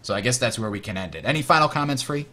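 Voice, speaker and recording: A young man hosts a casual gaming show, relaxed, laughing often and talking with many fillers. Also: mid-range voice, rapid-fire. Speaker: podcast and stream host.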